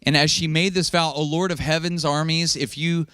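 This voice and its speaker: A male pastor preaching with humor, throwing his voice up high to act out what people say. His voice sits fairly high for a man. The sound is dry and close, with little room echo. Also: moderate pace, smooth. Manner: animated, joking, acts out quotes in raised voice. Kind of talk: sermon.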